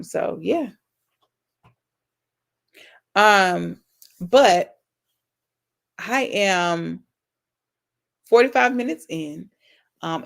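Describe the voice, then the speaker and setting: Woman doing a live q&a for her viewers, bit of vocal fry, earnest and loving, reads comments out. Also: fairly low pitch. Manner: earnest, affectionate, faith-filled talk to viewers. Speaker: YouTube channel host. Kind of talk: casual live-stream Q&A.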